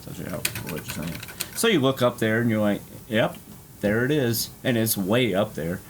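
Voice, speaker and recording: Streamer type, man with a lowish voice, casual profane storyteller, faint hiss behind. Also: animated, a little fast. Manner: profane, laughing, filler-heavy.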